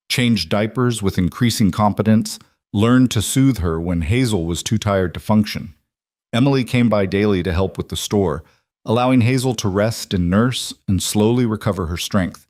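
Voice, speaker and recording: Low-voiced male story narrator. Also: a little mellow, dry recording, studio quality.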